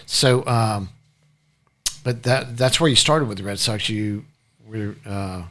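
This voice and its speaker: A man's voice: on the low side, takes it slowly, fairly bright tone. A man hosting a podcast interview, asking eager questions in a casual chat with plenty of fillers. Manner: eager, with many fillers and restarts. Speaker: podcast host.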